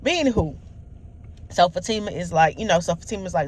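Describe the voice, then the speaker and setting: A woman's voice: on the low side, lively intonation, brisk, a little hiss or hum. Rambling woman recapping a TV episode. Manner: rambling, many restarts and fillers, acts out quotes. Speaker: TV show reviewer.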